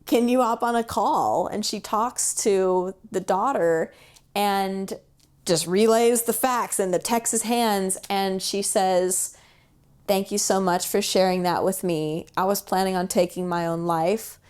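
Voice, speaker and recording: A woman telling a personal story in casual podcast chat, animated and full of fillers, acting out the people she quotes. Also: mid-range voice, takes it slowly, clean tone. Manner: chatty, with fillers like "like" and "um". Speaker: podcast guest.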